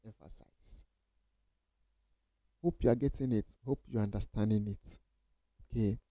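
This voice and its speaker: A man's voice: on the low side, moderate pace, dark tone, dry recording, low-quality recording. A man teaching coding basics in a casual screen-share tutorial, repeating phrases and reassuring viewers with many okays.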